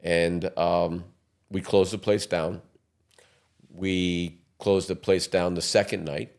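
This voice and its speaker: A man's voice: low voice, flat delivery, takes it slowly, vocal fry, darkish tone, clear, resonant tone. A man in his sixties, a podcast guest telling long rambling anecdotes in a casual interview. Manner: rambling anecdotes with quoted voices.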